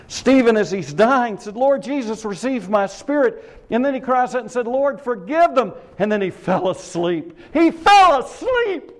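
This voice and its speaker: A man delivers a sermon in an impassioned style. His voice sits high and leaps up and down across a wide range. He fires rhetorical questions and swings between shouts and hushed lines. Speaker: preacher.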